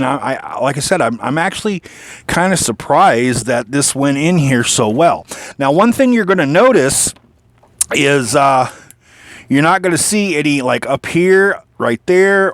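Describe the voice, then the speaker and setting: Hiccuping as he goes, a PC builder shows off his own machine in a medium-pitched voice with no echo. He keeps it casual and hands-on, rambling, packing in fillers, restarting sentences often, and swearing mildly now and then.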